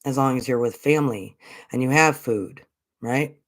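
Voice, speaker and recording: A woman's voice: extremely low pitch, moderate pace. Earnest American woman, spiritual vlog host, casual talk, repeats lines for emphasis.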